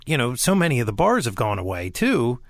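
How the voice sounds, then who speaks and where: A man's voice: medium pitch, a little fast, dry recording. Dry-voiced laughing podcast host man. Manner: animated, laughs often. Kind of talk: casual interview chat.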